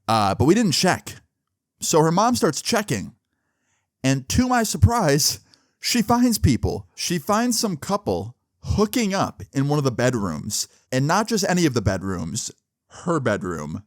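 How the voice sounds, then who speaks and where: A man's voice: mid-range voice, dry recording, clean studio sound. A young man telling a personal story in a casual, chatty way, with lots of fillers and swearing.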